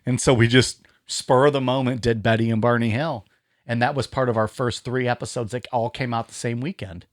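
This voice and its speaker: A man co-hosts a podcast in loose, casual chat, blunt and quick to swear, often talking over his co-hosts. His voice sits at an ordinary middle pitch. It is recorded dry and close, with no room sound. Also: fairly even intonation, no echo. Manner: blunt, swears freely, chiming in over others. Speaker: podcast co-host.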